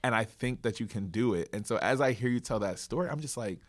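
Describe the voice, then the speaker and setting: A man's voice: mid-range voice, quick pace. A man hosting a podcast, affirming and reflective as he sums up his guest's story. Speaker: podcast host. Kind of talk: casual interview.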